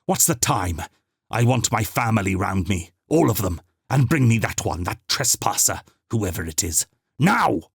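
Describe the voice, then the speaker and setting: A man's voice: fairly low pitch, big pitch swings, measured pace, vocal fry, slightly rough, no echo, studio quality, heavily acted. A man voicing a frail, imperious old female housekeeper with a cracked, quavering voice.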